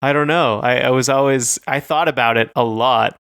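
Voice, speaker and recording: A man's voice: medium pitch, moderate pace, fairly bright tone, smooth, dry recording, clean studio sound. A man co-hosting a podcast, chatting casually and telling stories in a rambling, hesitant way full of fillers. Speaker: podcast co-host. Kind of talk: casual chat.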